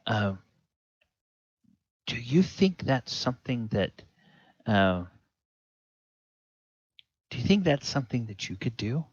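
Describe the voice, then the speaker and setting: A man's voice: mid-range voice, sing-song, takes it slowly, long pauses, slightly rough, dry recording, dull audio, voice pushed up, exaggerated voice. A man voicing Geralf, a nervous, sweetly scheming male underling. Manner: wary, then syrupy sweet.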